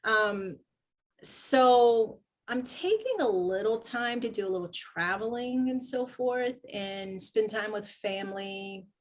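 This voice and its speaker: A woman actor, a guest in a casual interview, telling stories with lively acted-out quotes. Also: mid-range voice, slow pace. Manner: animated storyteller acting out quoted lines.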